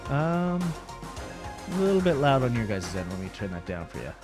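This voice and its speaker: With music playing behind him, a man chats casually into a headset mic while streaming a game, recapping, rambling, and laughing a lot. His medium-pitched voice is very animated at a normal speed.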